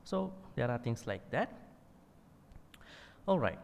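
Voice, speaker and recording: Male monk, mid-pitched, patient classroom explainer, long hall reverb. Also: sing-song, slow pace, gravelly, darkish tone, slight background noise. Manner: explains patiently, fillers, demonstrates chanting. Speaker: Buddhist monk teaching Pali. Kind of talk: classroom teaching.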